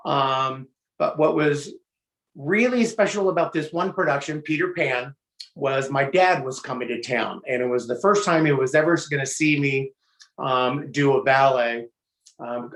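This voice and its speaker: A middle-aged man telling a casual personal tribute story on a video call, halting with fillers and restarts. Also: a little high, fairly bright tone, echoey room. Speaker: guest sharing a memorial tribute.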